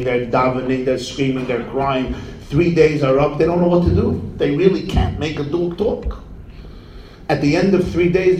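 A man telling a folk tale in an animated, theatrical way, with Yiddish and Hebrew words mixed in. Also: on the high side, echoey room, distant mic, slight background noise, rough recording. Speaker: storyteller.

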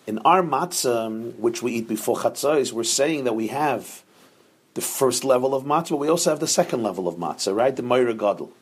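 A man a husky, slightly breathy voice gives a Torah lesson. He speaks, moving patiently through each point and stopping to ask his listeners "right?" His pitch sits in an ordinary middle range for a man. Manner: explains step by step, often checking with 'right?'. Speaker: Torah teacher. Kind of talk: Torah class lecture.

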